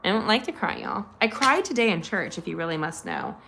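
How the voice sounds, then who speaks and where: A woman's voice: medium pitch, big pitch swings, a little fast, sharp tone, a little hiss or hum. Middle-aged woman, craft host at home; bubbly and gushing, chats straight to her viewers. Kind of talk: chatty live craft tutorial.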